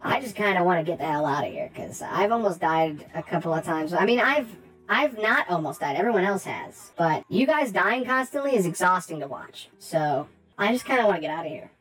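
A woman's voice: fairly low pitch, expressive, brisk, fairly bright tone, soft background music, poor audio. A woman voicing a crude, smug female goblin wizard who swears freely and brags about being the best wizard. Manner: crude, brash, dismissive.

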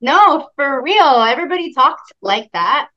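A woman's voice: high voice, big pitch swings, measured pace, sharp tone, lo-fi sound. A woman from Canada in her forties, chatting as an interview guest and laughing often. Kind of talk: casual interview chat.

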